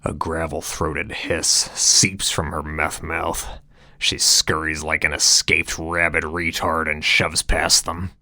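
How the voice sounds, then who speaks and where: A man's voice: a bass voice, level tone, slow, sharp tone, no room sound, clean studio sound. A man narrating a comedic story in a grandiose, mock-heroic, theatrical way. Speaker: audiobook narrator and author.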